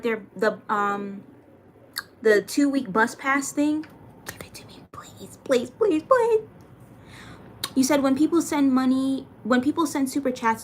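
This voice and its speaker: With a little hiss or hum in the recording, a young adult woman's fairly high voice reads comments in casual livestream chat. She thanks viewers by name and occasionally swears.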